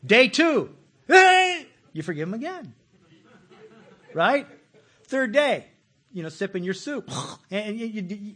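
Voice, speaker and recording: Husky preacher, lively bursts. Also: male voice, sits high. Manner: animated, repeats words, chuckles, sudden loud bursts. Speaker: pastor. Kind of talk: sermon.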